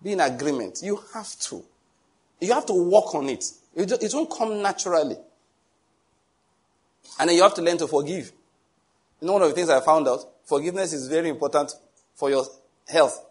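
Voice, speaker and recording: A man's voice: fairly high pitch, slightly rough. A middle-aged male pastor preaching a sermon, telling stories with a jovial, teasing manner and frequent chuckles. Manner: teasing, animated asides.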